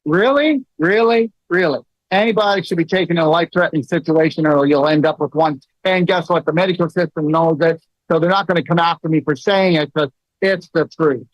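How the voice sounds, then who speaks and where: A middle-aged man hosting a casual talk, telling stories with many fillers and animated asides. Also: fairly high pitch, fast talker, no echo. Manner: storytelling, many fillers, rising into animated quoted lines. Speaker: host. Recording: dull, dry lo-fi sound.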